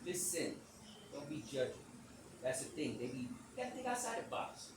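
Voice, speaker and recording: A man hosting a podcast, telling a rambling, animated story in speech, swearing casually and acting out the quotes. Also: fairly high pitch, moderate pace, recorded from a distance. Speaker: podcast host. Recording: echoey room, off-mic, background noise.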